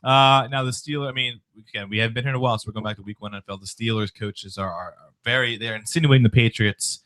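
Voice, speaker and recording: A man's voice: medium pitch, fairly even intonation, fast talker, sharp tone. A man hosting a casual sports talk show, running through news items with a sarcastic, rambling delivery full of fillers. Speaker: podcast host.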